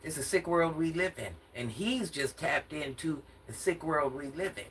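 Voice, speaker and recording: An older woman from Atlanta, a social media commentator, rants casually in a sassy, confrontational vlog and laughs often as she goes. Her low voice is animated at a moderate pace, with slight background noise.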